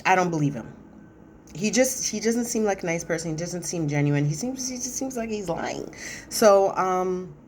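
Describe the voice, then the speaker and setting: A woman's voice: lowish voice, expressive, normal speed, a little mellow, slight background noise. A woman giving casual, chatty recap commentary on a reality show, sassy and opinionated, with lots of fillers.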